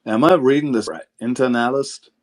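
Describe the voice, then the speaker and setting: A man's voice: lowish voice, moderate pace. A man hosting a call-in livestream, joking and swearing as he rambles. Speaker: livestream host. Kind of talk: casual call-in stream chat.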